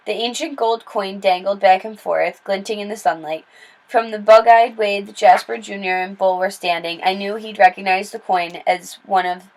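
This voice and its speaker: A woman reading a children's novel aloud in steady, plain storytelling with small slips and restarts. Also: mid-range voice, rough recording. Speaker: read-aloud narrator.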